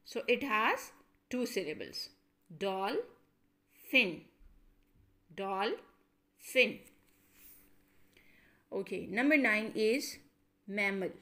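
Slow woman teacher drilling syllables. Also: medium pitch, expressive, fairly bright tone. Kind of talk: classroom lesson.

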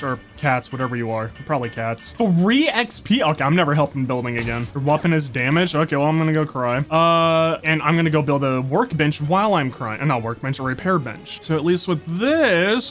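A young man giving casual gameplay commentary, chatty and excitable, often talking fondly to the creatures in the game. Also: on the high side. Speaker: gaming YouTuber.

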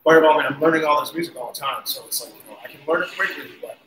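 A man guest on an interview, telling casual, animated stories with laughs and cursing. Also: a little high, very fast. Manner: animated, laughing, swears freely. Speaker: guest musician. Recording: roomy echo, faint noise.

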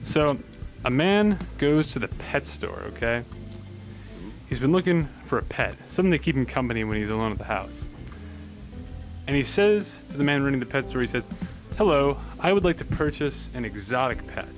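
A man's voice: medium pitch, very animated, moderate pace, soft background music. A teenage boy presenting a school joke segment, telling a long rambling joke and checking in with "okay?".

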